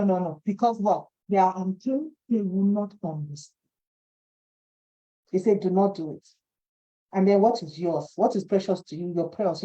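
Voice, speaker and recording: A woman giving a devotional Bible teaching, animated, repeating phrases and acting out quoted voices. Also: on the low side. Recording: dull lo-fi recording.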